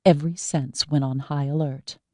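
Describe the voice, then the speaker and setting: A woman narrating an audiobook in an even, measured storytelling manner. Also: deep voice, no echo, clean studio sound.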